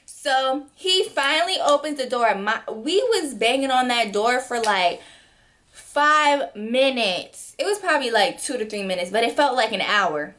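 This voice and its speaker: A woman in her twenties telling a storytime vlog, animated and acting out quotes with sudden jumps in pitch. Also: measured pace. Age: 20s. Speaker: vlogger. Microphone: camera mic.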